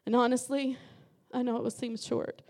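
A middle-aged woman delivers a Pentecostal sermon as a guest preacher. Her voice sits high, and she speaks with fervent, impassioned conviction that climbs into shouting. She is preaching in a church sanctuary. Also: little pitch movement, normal speed.

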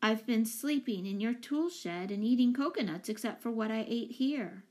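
A woman reading aloud, voicing a shy homeless boy who speaks slowly and hesitantly. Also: a little high, expressive, darkish tone, natural voice. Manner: mumbling, hesitant.

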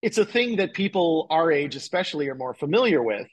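A man with a somewhat higher, husky voice, chatting as a podcast guest. He rambles enthusiastically, stringing thoughts together with lots of fillers. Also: big pitch swings, a little fast, rough recording. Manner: rambling, enthusiastic, many fillers like "like" and "you know". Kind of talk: casual chat.

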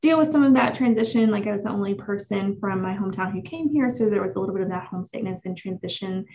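A woman guest on a university interview show, answering questions in a measured, reflective way. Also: medium pitch, warm tone, slight background noise, low-quality recording.

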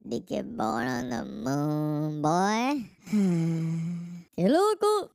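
Slow creaky dark-voiced joking woman. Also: medium pitch, sing-song, no room sound. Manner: playful, chants phrases over and over, mixes Spanish with English. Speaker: podcast host. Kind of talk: casual joking chat.

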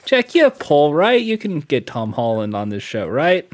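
A man's voice: fairly high pitch, wildly swooping pitch, moderate pace. A man hosting a casual comedy podcast, putting questions to his co-hosts in a mock-formal way. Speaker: podcast host.

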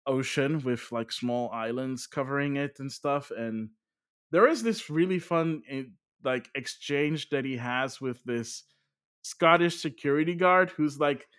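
A man chatting casually about games and films, lively and full of fillers, his voice jumping up when he gets excited. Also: medium pitch, unhurried, smooth. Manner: animated, filler-heavy, voice jumps up when excited.

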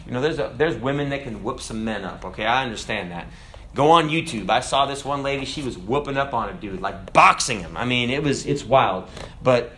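A man preaching a sermon in an animated, emphatic way. He talks conversationally and keeps asking his listeners questions. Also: medium pitch. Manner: animated, emphatic, acts out voices; conversational, asks the audience questions.

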